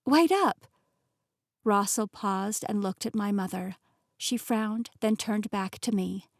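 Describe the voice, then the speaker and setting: Expressive woman narrating a novel. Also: medium pitch, a little slow, gravelly, no echo, studio quality. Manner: expressive, emotionally engaged storytelling. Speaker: audiobook narrator. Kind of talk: first-person fiction narration.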